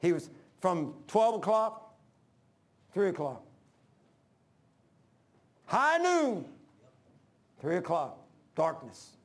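High-voiced man preaching a fiery sermon. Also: expressive, slow, pauses often. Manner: emphatic, swinging from loud peaks to low hushed lines; calls for congregation responses.

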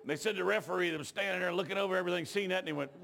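Folksy preacher, gravelly and high. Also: male voice, rapid-fire, background noise. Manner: folksy rural talk that rises into shouting. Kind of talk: revival sermon with storytelling. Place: church.

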